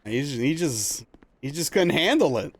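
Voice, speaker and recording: A young man streaming a game live, telling a rambling story in a casual, animated way with lots of filler words. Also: on the high side, a little slow. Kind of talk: casual chat while playing a game live.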